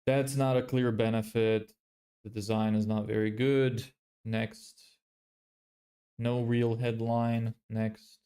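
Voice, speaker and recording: A man's voice: medium pitch, level tone, slow, warm tone. Blunt man critiquing websites. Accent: neutral, often heard as American. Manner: blunt, muttering critiques while reviewing websites. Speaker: business vlogger. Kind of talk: casual livestream commentary.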